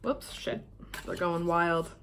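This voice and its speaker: A young adult woman from Canada, chatting casually through a tarot deck unboxing in a hotel room, swearing offhandedly and drifting into soft asides. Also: on the low side, slow pace, vocal fry, noisy background. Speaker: tarot vlogger. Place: hotel room while travelling.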